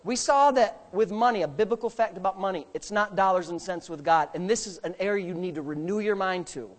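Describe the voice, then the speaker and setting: Emphatic male pastor preaching. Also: brisk. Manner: emphatic preaching with joking asides; swings between loud bursts and low asides. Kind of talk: sermon. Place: church sanctuary.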